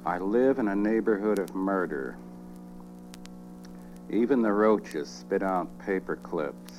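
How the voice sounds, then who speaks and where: A man reading spoken-word poetry in a dry, deadpan, measured way. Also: low voice, music in the background, poor audio.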